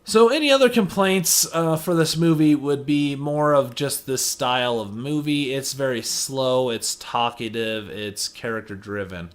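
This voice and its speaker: A man's voice: mid-range voice, unhurried, few pauses. A man giving a casual movie review, chatty and sarcastic, often saying "you know". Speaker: film reviewer.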